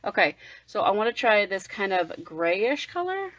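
A woman talks through a makeup unboxing at her desk in a casual livestream. She gushes with excitement, and her pitch jumps all over the place. Now and then she drops to a hushed whisper. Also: moderate pace, no room sound, rough recording. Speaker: beauty vlogger.

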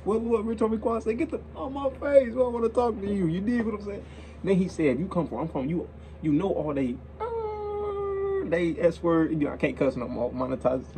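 A man's voice: fairly high pitch, mellow, a little hiss or hum, poor audio. A young man hosting a reaction video, talking in a casual, slangy way and repeating himself as he gets worked up.

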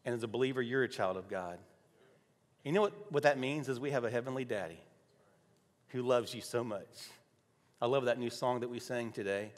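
A male pastor preaching a sermon, telling a personal story softly and then rising to loud, emphatic declarations. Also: medium pitch, brisk, long pauses. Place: church sanctuary. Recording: long hall reverb.

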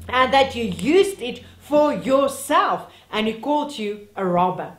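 A woman delivers a sermon, earnest and emphatic, pleading with her listeners. Her voice sits high. The sound rings around an echoey church hall. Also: animated, measured pace, few pauses. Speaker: preacher.

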